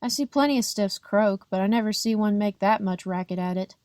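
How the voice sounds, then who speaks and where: A woman's voice: mid-range voice, fairly quick, darkish tone, dry recording, studio quality, natural voice. A grumbling male vagrant, as a woman reader puts him on. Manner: grumbling, complaining. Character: gruff male vagrant in a mission bunk.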